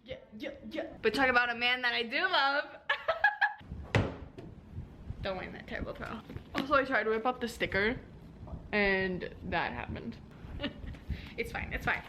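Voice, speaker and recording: A young woman book vlogger chatting casually, bubbly and excitable, with sudden squeals. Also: a little high, normal speed, background noise. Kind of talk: casual reading vlog.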